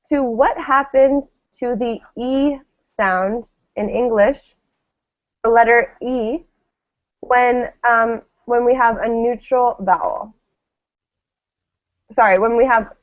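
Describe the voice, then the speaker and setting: A fairly high-voiced woman leads a pronunciation class at an unhurried pace, stretching out each word so students can repeat it. Her voice comes through thin and tinny, like a phone line. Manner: slow, patient, models words for repetition. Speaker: English pronunciation teacher.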